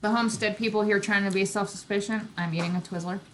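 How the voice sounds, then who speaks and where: A woman's voice: mid-range voice, fairly even intonation, quick pace, slight background noise. A woman in her thirties hosting a casual live chat, chatty and teasing with frequent giggles. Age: 30s. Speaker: homesteading channel host. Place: home.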